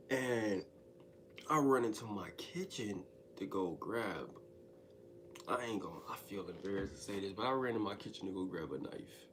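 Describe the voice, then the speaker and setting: A man telling a wild personal story in a casual, profane monologue, swinging between loud outbursts and hushed asides. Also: on the low side, a little hiss or hum.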